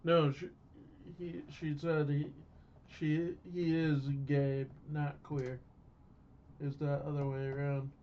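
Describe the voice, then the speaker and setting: Slow-talking chuckling man, muffled. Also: a little high, level tone, a little hiss or hum. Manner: chuckling, easygoing interjections. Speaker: podcast co-host. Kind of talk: casual movie recap chat. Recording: muffled lo-fi recording.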